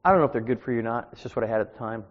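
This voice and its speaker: A man's voice: mid-range voice, very fast. A man in his sixties preaching an informal, self-deprecating sermon from a church pulpit, with chatty asides to the congregation. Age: 60s. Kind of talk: conversational sermon with personal stories. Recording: dull, echoey church recording.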